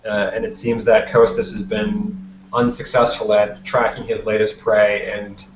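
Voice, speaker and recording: A man's voice: fairly low pitch, flat delivery, measured pace. Man narrating a tabletop game. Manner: loose, conversational storytelling. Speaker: game master. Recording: roomy, dull lo-fi, faint noise.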